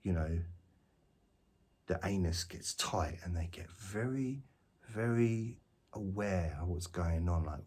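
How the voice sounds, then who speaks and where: A man's voice: deep voice, slow, pauses often, a little mellow, slightly rough. A man rambling to camera outdoors, jokey and self-mocking as he drifts between points. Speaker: vlogger. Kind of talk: rambling spoken monologue to camera. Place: outdoors, walking around.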